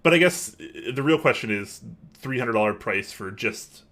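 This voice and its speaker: A man's voice: mid-range voice, animated, moderate pace, fairly bright tone. A man co-hosting an online show, chatting casually and rambling with many fillers while reading viewer questions. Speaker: podcast co-host.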